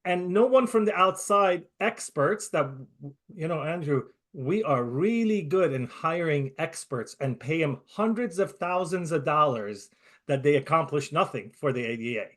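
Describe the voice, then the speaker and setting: A man's voice: a little high, expressive, moderate pace, fairly bright tone. A male interview host who talks in an emphatic, indignant way and speeds up in bursts. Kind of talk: conversational interview.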